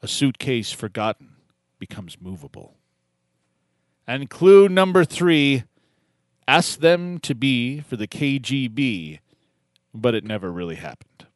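A man hosting a radio show, chatting casually in a jokey, animated way and laughing often. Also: on the low side, a little slow, no echo, clean studio sound. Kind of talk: casual on-air chat.

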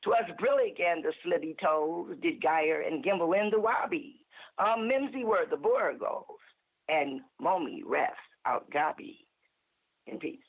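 A woman's voice: on the low side, animated, measured pace, slightly rough. Woman reciting a poem over a phone line. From Ohio. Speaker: caller. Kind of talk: reading a poem aloud on a call-in show.

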